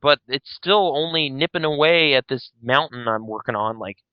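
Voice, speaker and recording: A man's voice: medium pitch, moderate pace, clear, resonant tone, no echo. A man co-hosting a podcast in casual chat, rambling and grumbling, with a mock-grouchy edge. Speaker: podcast co-host. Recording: slightly dull dry sound.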